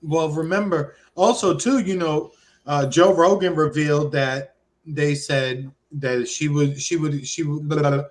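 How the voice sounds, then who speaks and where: A man hosting a casual podcast chat, relaxed and quick with short replies. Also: on the high side. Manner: relaxed, brief back-channel replies. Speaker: podcast host.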